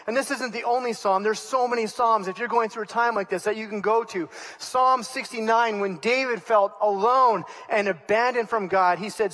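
A man with a high voice preaches a sermon in a church. He is earnest and often repeats himself. When he voices a prayer, he turns pleading. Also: brisk, few pauses, a bit bright, in a large hall. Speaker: pastor.

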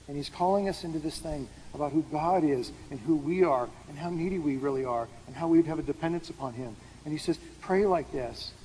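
His voice is on the high side with a darkish tone as he preaches to an audience in a large hall, explaining scripture casually and asking the room questions. Reverb and faint background noise fill out the recording.

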